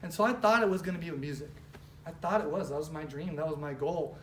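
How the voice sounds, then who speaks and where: A woman tells a story at a business training in an animated, casual way, full of fillers. Her voice echoes around a large room, picked up from a distance with faint noise underneath. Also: low voice, quick pace. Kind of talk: motivational storytelling talk. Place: event room with a live audience. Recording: roomy, distant mic, faint background noise.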